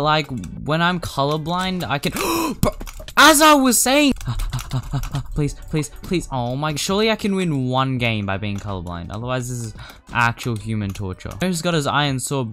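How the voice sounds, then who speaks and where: A teenage gamer talks through his match in a mid-pitched voice, lurching from mumbled asides to sudden gasps and yelps. He pleads and frets at the screen. Soft music and keyboard clicks sit quietly behind him. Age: teens. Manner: excitable, gasping, pleading, jumping between loud yelps and mumbles. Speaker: gaming YouTuber. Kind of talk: live gameplay commentary.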